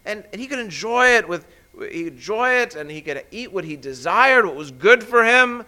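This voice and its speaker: A middle-aged man preaching a sermon as a pastor, emphatic and animated, often restarting phrases. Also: high voice, normal speed.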